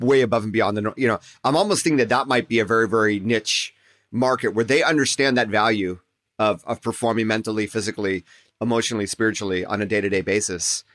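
Low-voiced man, thoughtful podcast host. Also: a bit bright. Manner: thoughtful, searching for words with restarts. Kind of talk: conversational podcast interview.

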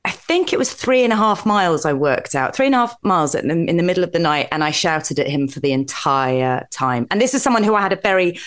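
A British woman in her forties, a podcast guest telling candid personal stories with a self-deprecating, animated manner and frequent laughter. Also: lowish voice, fast, hardly any pauses. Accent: British English. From Britain. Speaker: podcast guest, comedy actress. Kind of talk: candid conversational storytelling.

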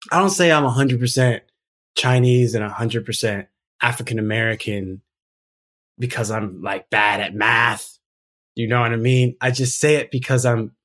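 A man talking as a podcast guest in casual conversation, earnest and emphatic, reflecting at length. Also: mid-range voice.

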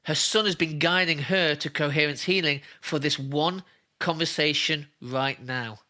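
Speaking at a measured pace with fairly even intonation, a man with a slightly high voice and sharp tone recounts personal experiences. He is a spiritual healer and interview guest whose emotional storytelling is earnest and emphatic, marked by repetition for stress.

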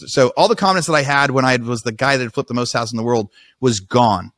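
A man's voice: mid-range voice, fast, a bit bright, no room sound. A man hosting a podcast, telling his own story in a casual, rambling way with frequent restarts. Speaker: podcast host.

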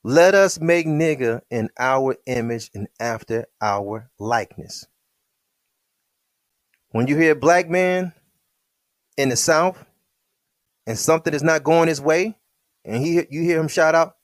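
Male podcast host, fiery sermon-like delivery, slangy, slightly high voice, dry sound. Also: measured pace, pauses often, dry recording. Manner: fiery, addresses listeners as beloved, street slang. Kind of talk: preaching-style podcast talk.

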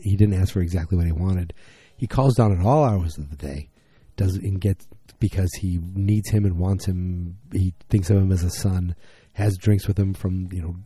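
A man's voice: lowish voice, dark tone, husky, dry recording. A man casually recapping a TV episode in a rambling, conversational way, acting out the characters' lines.

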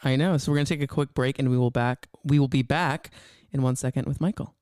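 A man co-hosting a podcast in casual chat, talkative and quick to laugh, with lots of filler words. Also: mid-range voice, fairly even intonation, a little mellow, clear, resonant tone, soft background music. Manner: chatty, laughs often, many "like" fillers. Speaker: podcast co-host.

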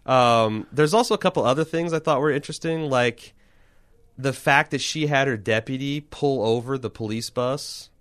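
A man's voice: mid-range voice, normal speed, a bit bright, dry recording, studio quality. A man co-hosting a podcast, talking in a rambling, joking way that often stops and restarts. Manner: rambling, self-interrupting, joking. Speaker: podcast co-host. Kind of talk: casual chat.

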